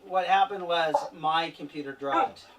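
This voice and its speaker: A man's voice: on the high side, a little slow, fairly bright tone, far from the mic, lo-fi sound. Male game master in his 40s, joking and teasing, set back from the mic with faint background noise. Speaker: game master and stream host. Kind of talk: casual chat running a streamed tabletop game.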